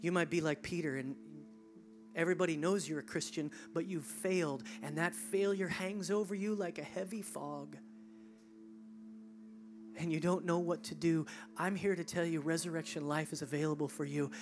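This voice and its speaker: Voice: mid-range voice, steady tone, normal speed, over music. A pastor giving an altar call in a large church during a service, shifting between intense near-whispers and rising, fervent appeals. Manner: intense, drops to near whisper, then rises.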